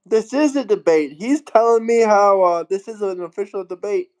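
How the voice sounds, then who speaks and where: A man's voice: high-pitched, moderate pace, a little mellow. A man hosting a casual livestream, reading out viewer comments and thanking them in an upbeat way. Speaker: livestream host.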